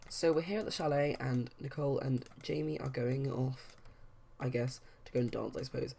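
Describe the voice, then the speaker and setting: A woman's voice: extremely low pitch, steady tone, moderate pace, creaky, dark tone, husky. A young woman hosting a let's play, narrating a life-sim game in a chatty, rambling way. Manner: chatty, rambling, with many fillers. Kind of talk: casual game commentary.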